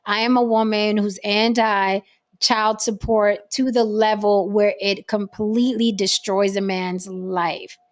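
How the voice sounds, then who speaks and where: A woman's voice: medium pitch, flat delivery, unhurried. A woman hosting a livestream talk show, speaking bluntly and emphatically with frequent profanity. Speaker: host.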